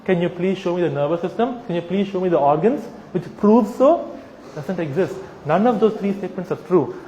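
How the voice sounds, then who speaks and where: High-voiced man lecturing in an echoey hall. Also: lively intonation, brisk, dark tone, a little hiss or hum. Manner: argues with rhetorical questions and mocking voices. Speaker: speaker addressing an audience. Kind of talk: animated persuasive talk with acted-out scenarios.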